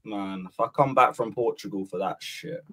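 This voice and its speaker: A man's voice: lowish voice, normal speed, bright, forceful tone. A man on a football podcast panel, teasing his fellow panelists and swearing freely in casual banter.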